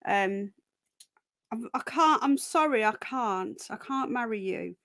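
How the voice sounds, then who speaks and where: A woman's voice: fairly high pitch, lively intonation, slow, a bit bright, no room sound. Chatty woman with a runny nose. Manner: chatty, greets viewers by name, swears casually. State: runny nose, a bit unwell. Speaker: livestream host. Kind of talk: casual live chat.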